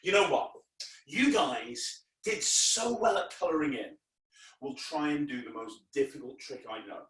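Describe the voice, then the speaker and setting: A man's voice: medium pitch, animated, measured pace, fairly bright tone. A man performing a children's magic show, talking playfully to the kids and acting mock-frustrated when his tricks go wrong. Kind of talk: kids' magic show patter. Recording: echoey room, distant mic.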